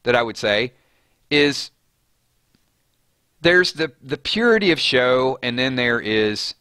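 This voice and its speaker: A man hosting a live fan commentary stream, animated and argumentative in a conversational way. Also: medium pitch, slow pace, clear, resonant tone, dry recording. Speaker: host.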